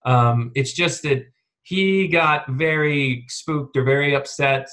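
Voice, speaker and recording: A man voicing a flattering, scheming host in a casual book retelling, coaxing and fawning. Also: medium pitch, slow, soft background music. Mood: smooth.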